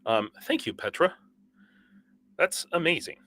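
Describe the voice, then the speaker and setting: A sleep-deprived man hosting a casual livestream, reading out viewer comments in a rambling, halting way with frequent restarts and laughs. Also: fairly high pitch, very animated, bright, forceful tone, breathy edge. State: sleep-deprived and over-caffeinated. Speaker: livestream host.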